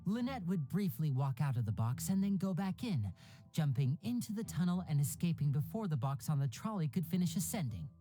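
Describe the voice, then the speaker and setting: A suave stage magician lays out his secrets with smooth showmanship, his voice low and mellow yet lively. Faint game music plays behind. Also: fairly quick. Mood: explaining. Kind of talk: video game voice acting.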